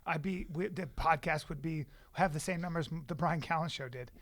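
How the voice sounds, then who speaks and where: A middle-aged man co-hosting a podcast in casual banter, animated and teasing, often mimicking others. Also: on the high side, a little fast. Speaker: podcast co-host.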